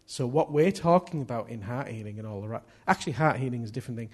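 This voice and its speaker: A man's voice: medium pitch, expressive, fast talker, a little mellow, slightly rough. A man preaching a sermon in a chatty, jokey way, laughing at himself as he tells stories.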